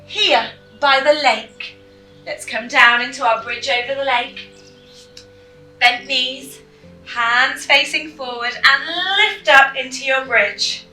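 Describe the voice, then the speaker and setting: A woman leading a children's yoga class through a story, giving gentle, slow, clear instructions. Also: high-pitched, steady tone. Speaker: kids yoga teacher. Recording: echoey room, mic at a distance, faint music.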